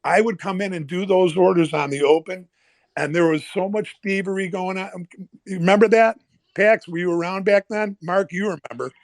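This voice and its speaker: A man, a former pit trader, telling animated stories in casual chat and acting out the people in them. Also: high-pitched, brisk, no echo. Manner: animated, swearing, acts out quoted people. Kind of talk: casual storytelling. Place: online audio room.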